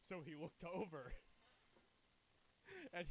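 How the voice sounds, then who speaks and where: Profane high-voiced male streamer telling a story. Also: moderate pace. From United States. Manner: profane, animated, acts out quoted dialogue. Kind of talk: casual storytelling to stream chat.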